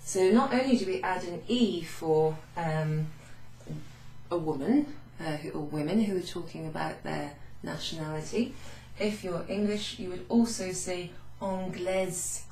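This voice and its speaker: A woman's voice: fairly low pitch, measured pace, a little mellow, reverberant, a little hiss or hum. A woman teaching beginners French, explaining patiently step by step and sounding out French words. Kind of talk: recorded lesson recap.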